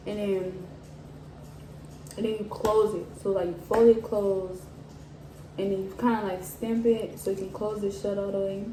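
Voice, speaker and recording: A woman's voice: mid-range voice, moderate pace, long pauses. A woman in a casual chat while eating on camera, explaining things step by step with lots of "like"s. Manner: relaxed, explains step by step with many "like"s. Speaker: mukbang co-host. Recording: echoey room, mic at a distance, faint background hiss.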